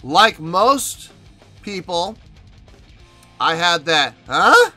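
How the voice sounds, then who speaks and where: A man's voice: medium pitch, animated, measured pace, pushed and bright. A man hosting a music reaction video, talking earnestly and with emotion in a casual commentary style.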